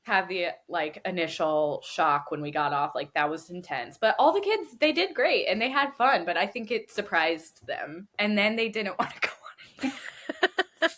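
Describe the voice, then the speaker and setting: Woman, thirties, podcast co-host. Animated storyteller who laughs a lot and acts out voices. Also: medium pitch. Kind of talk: casual chat. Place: lives in Florida.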